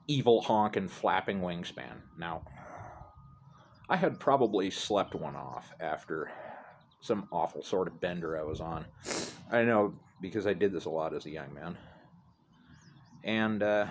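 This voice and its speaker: Outdoors near some apartments, a middle-aged man holds up his phone and tells the camera a rambling, profane, self-deprecating story in a casual way. His voice sits low, with slight background noise.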